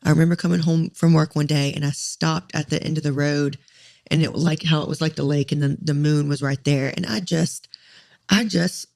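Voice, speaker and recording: Gravelly-voiced woman telling a personal story. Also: low voice, steady tone, brisk, a little mellow. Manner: emotional, tearful at times, many "like" fillers. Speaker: podcast co-host.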